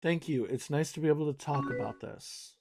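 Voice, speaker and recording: A man reading the lines of a heartbroken young woman friend in a game, quiet and subdued. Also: on the high side, a little fast, vocal fry, music in the background. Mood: sad.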